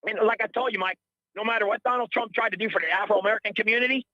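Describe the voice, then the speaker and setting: A man's voice: high-pitched, fairly even intonation, very fast, lo-fi sound, crowd noise. A middle-aged man calling in to a radio show, ranting in a heated, rambling, indignant way and repeating himself. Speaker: caller. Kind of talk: heated call-in rant.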